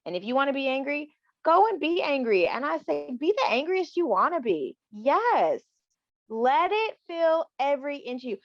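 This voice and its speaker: A woman's voice: sits high, sing-song, normal speed, no room sound. A woman talking candidly and reflectively as a guest in a casual chat, often acting out what she says to others. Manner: candid, reflective, acts out quoted lines. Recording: dull dry lo-fi sound.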